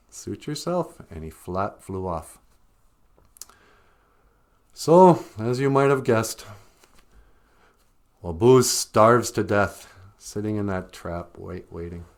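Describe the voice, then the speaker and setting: A man telling a folk tale in a relaxed, unhurried manner. His voice rises and falls expressively, and he pads his lines with easy fillers. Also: low-pitched. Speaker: storyteller and channel host. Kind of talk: casual spoken folk tale.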